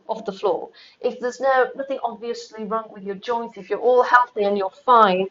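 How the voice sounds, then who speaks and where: A woman's voice: fairly high pitch, dull audio. A woman pilates instructor leading a live workout, counting reps aloud and chatting between exercises, a little out of breath. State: slightly out of breath. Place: home room with exercise mat.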